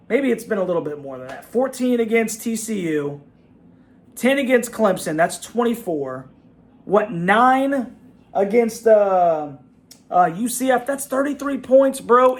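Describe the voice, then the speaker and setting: Host, fired-up high-voiced fan rant, lots of "bro" and "man". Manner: fired-up venting, repeats himself, "bro" and "man". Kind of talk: ranting fan reaction vlog.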